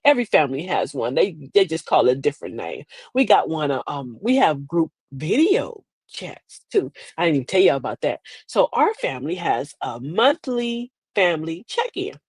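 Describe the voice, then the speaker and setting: A woman's voice: deep voice, big pitch swings, moderate pace, few pauses, darkish tone, breathy edge, no room sound. An older woman hosting a casual comedic chat, sassy and preachy, laughing through her asides. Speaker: host. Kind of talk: casual comedic storytelling to an online audience.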